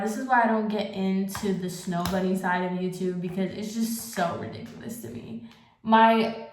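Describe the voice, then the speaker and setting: Young woman vlogger, exasperated sarcastic rant, mid pitch, roomy echo. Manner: exasperated, sarcastic, fast asides. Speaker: beauty vlogger. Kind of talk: casual ranting commentary. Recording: echoey room.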